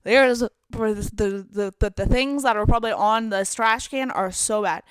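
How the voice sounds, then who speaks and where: Smooth and on the high side, her voice moves at a moderate pace with no room sound. She's a woman in her twenties co-hosting a podcast, casually and animatedly telling the story of a night out while voicing her friends' lines.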